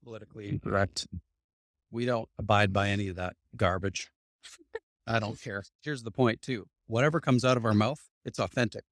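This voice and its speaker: A man's voice: on the low side, brisk, fairly bright tone, no echo, clean studio sound. A man co-hosting a casual podcast, talking bluntly and sarcastically while out on a walk. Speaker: co-host, husband. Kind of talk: casual chat. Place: outdoors on a walk.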